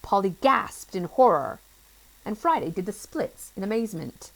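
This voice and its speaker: A woman reading a children's chapter book aloud in an expressive, playful storytelling manner. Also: mid-range voice, moderate pace, gravelly, poor audio.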